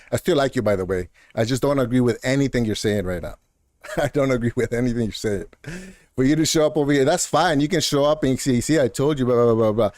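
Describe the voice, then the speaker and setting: A man streaming a game and arguing with a viewer in chat, talking heated and animated and calling them bro and man. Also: mid-range voice, no echo, studio quality. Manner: argumentative, talks straight to a viewer in chat, repeats "bro" and "man"; animated and heated, with quick laughs. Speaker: gaming streamer. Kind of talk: casual live-stream rant.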